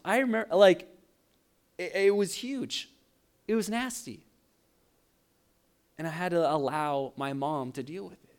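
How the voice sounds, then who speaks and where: A young adult man, a pastor, preaching a sermon with animated storytelling and frequent laughs. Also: a little high, unhurried, long pauses.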